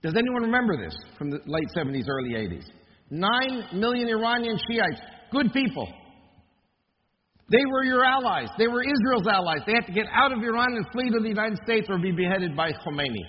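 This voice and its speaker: A man's voice: high voice, in a large hall, muffled recording. A man giving an impassioned lecture, firing rhetorical questions at his audience. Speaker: speaker.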